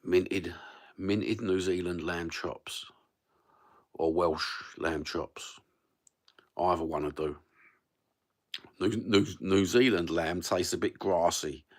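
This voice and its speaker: Speaking slowly with long pauses, a middle-aged East London livestream host keeps his low voice steady. He meanders through a laid-back chat, sweary, slangy and friendly.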